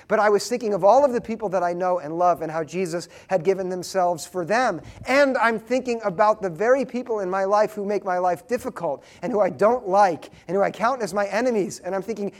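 Male pastor, thirties to forties, earnest sermon, unhurried and tender, a touch higher than most men. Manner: earnest, slow and tender storytelling.

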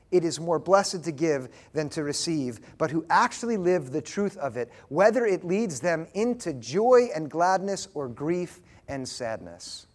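A man preaching a sermon as pastor, earnest and tender, slow when he tells a story. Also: fairly high pitch, a little mellow.

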